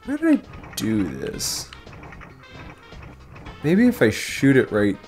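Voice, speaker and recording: A man hosting a casual let's play, talking to the game as he goes, excitable and swearing often. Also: medium pitch, slow pace, soft background music. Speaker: gaming channel host.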